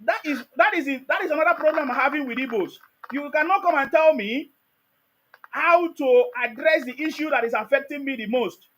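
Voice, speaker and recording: A man's voice: very high-pitched, brisk, a bit bright, slight background noise. A man with a Nigerian accent hosting a heated live call-in debate, combative and repeating his demands insistently. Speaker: host of a live call-in stream.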